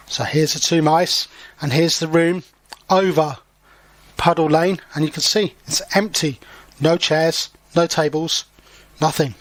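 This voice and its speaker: Man, English teacher, storybook read-aloud, unhurried, slightly high voice, dry close sound. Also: dry recording. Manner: slow and clear, pausing to explain words.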